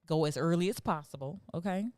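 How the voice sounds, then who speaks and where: A woman's voice: fairly low pitch, brisk, darkish tone, dry recording, studio quality. A woman co-hosting a casual chat show, teasing her partner playfully and giving advice. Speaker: podcast co-host.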